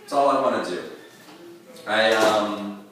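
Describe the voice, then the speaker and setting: A man in his thirties doing a stand-up set at a comedy club, rambling and crude, with halting fillers and self-mocking asides. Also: fairly low pitch, fairly bright tone, distant mic, slight background noise. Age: 30s. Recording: echoey room heard from afar.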